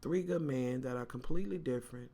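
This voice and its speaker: A woman's voice: extremely low pitch, a little fast, dark tone. A woman vlogger telling a story casually and talking straight to her viewers, cursing freely and with lots of animation.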